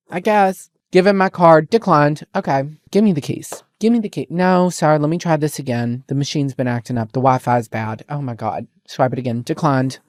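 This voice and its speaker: A young woman telling a story in a casual, animated vlog rant, exasperated and repeating lines for effect. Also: rumbling low, no echo, clean studio sound. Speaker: vlogger.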